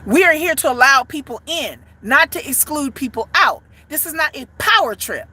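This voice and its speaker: High, bright-voiced woman ranting bluntly. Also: expressive, moderate pace. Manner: blunt, profane, emphatic. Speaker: fan content creator for a music group. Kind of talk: ranting commentary.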